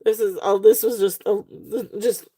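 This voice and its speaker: A woman's voice: mid-range voice, fairly even intonation, normal speed, mellow, slightly rough. A woman hosting a live jewelry sale stream, giggly and gushing at her viewers, rambling with lots of fillers. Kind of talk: casual live-stream selling chat.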